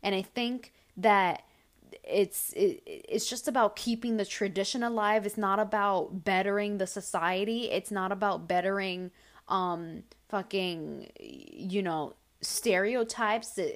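A woman's voice: medium pitch, unhurried. A young woman hosting a casual advice podcast, answering listener questions bluntly and heatedly, with lots of swearing.

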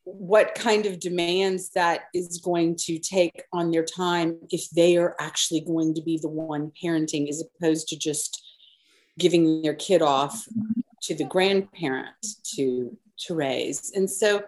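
A woman panel guest talking in a measured, halting way over a video call. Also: lowish voice, fairly even intonation, darkish tone, low-quality recording. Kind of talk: casual panel chat.

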